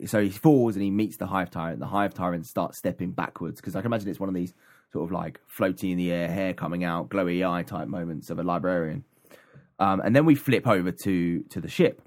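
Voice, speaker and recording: Podcast co-host, male, low-pitched, loose rambling recap delivery. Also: a little fast, darkish tone. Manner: rambling, many ums and restarts. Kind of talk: casual chat recapping an audiobook.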